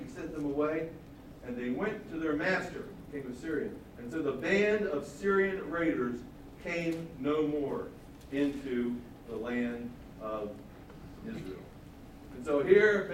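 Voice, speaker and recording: A man preaching a Bible lesson, telling the story with animated voices for the characters. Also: on the high side. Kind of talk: Bible teaching sermon. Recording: echoey hall, distant mic, faint noise.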